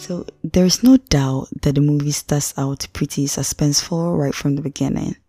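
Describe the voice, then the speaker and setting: Young woman podcaster, low mellow voice, dry close sound, chatty and slangy. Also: steady tone, normal speed, breathy edge, no echo, faint music behind. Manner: chatty and slangy, addresses listener directly. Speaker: podcast host, film reviewer. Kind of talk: casual spoken movie review.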